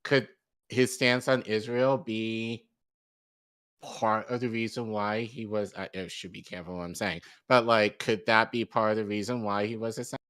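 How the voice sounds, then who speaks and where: A man's voice: lowish voice, little pitch movement, normal speed, a bit bright, clean tone. A man co-hosting an independent news livestream, speaking in a casual, hesitant and careful way. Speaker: news show co-host.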